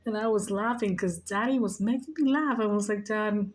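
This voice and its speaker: A woman's voice: medium pitch, a little fast. A woman vlogger in an agitated, profane, rambling casual rant to camera.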